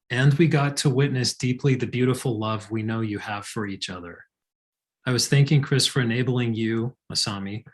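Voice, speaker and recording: A man co-hosting a live session, reading listener letters aloud and reflecting on them in a calm way. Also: mid-range voice. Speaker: co-host.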